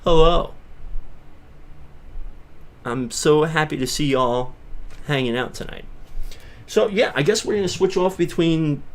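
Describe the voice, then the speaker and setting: A man from Long Island, chatting casually on his livestream in a rambling way that swings from mutters to loud bursts. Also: fairly high pitch, measured pace, long pauses. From Long Island, New York. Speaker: livestream host.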